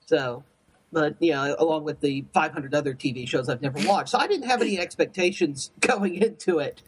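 A man's voice: a little high, fairly quick, husky. A man on a casual review chat, sharing earnest, enthusiastic opinions. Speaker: podcast co-host.

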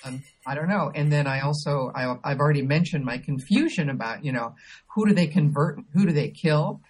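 A woman co-hosting a podcast in casual chat, talking with many pauses, ums and restarts. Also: sits low, darkish tone, husky. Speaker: podcast co-host.

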